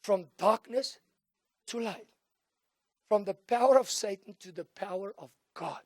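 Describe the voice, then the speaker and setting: South African male pastor, middle-aged, high voice, sermon swinging from soft to shouted, dry close sound. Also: measured pace, dry recording. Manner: switches between soft storytelling and loud call-and-response shouting.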